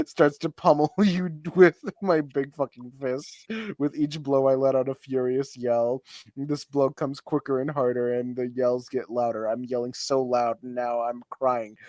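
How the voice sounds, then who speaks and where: A man's voice: medium pitch, fairly even intonation, a little slow, dry recording. Man, co-host, comedic dramatic reading, mid-range voice, laughs between lines, dry sound. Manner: breaks into laughter while reading; theatrical, over-the-top delivery. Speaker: podcast co-host. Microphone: home mic on an online stream call.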